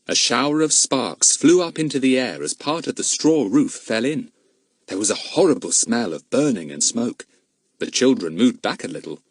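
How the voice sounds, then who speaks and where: A man reads a children's mystery aloud as an audiobook. His delivery is expressive, with a very wide, animated pitch range. The recording is dry and close. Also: dry recording. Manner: expressive storytelling. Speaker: audiobook narrator. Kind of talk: scripted narration.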